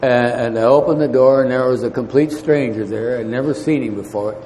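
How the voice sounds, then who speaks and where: Brief: man, halting storyteller, mellow low tone, long hall reverb, faint background hiss. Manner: halting, many fillers and restarts. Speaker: recovery meeting speaker. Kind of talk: storytelling talk. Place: meeting hall.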